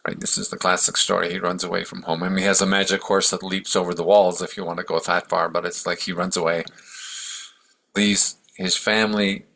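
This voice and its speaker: A man's voice: sits low, level tone, a little fast, creaky, sharp tone, rough recording. A man giving a casual, rambling storytelling talk as a meditation teacher, with easy fillers and restarts.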